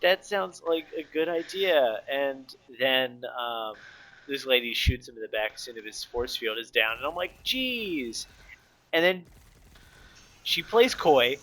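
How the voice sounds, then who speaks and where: A man with a bright, forceful mid-pitched voice talks through a comic's plot on a podcast. He tells it in a relaxed, chatty way, quoting the characters as he goes. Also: measured pace. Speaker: podcast co-host. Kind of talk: casual comic book discussion.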